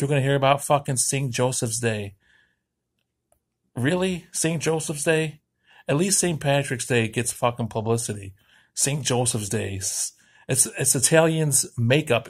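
An American man delivering a crude, profane comedic rant, heated and swearing constantly. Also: mid-range voice. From United States. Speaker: vlogger.

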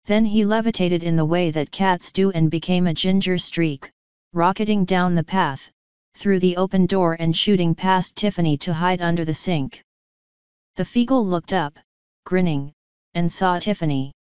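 A woman reads an audiobook in a steady, even storytelling manner. Her voice is low and very smooth. The recording is dry and close, with a slightly dull tone. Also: moderate pace, no room sound. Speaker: audiobook reader. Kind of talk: scripted audiobook narration.

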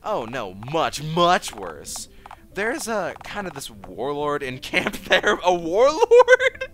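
A man's voice: on the high side, very animated, takes it slowly, bright, forceful tone, slight background noise, heavily acted. A man voicing a seedy, broke male phone-sex talker in a drawling, world-weary way. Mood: gossiping.

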